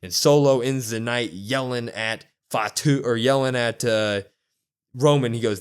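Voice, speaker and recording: A man's voice: medium pitch, measured pace, clear, resonant tone. Guy hyped up recapping wrestling, acts out lines, whoops a lot. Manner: animated storytelling, acts out quotes with loud whoops. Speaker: wrestling podcast co-host. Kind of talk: excited casual recap.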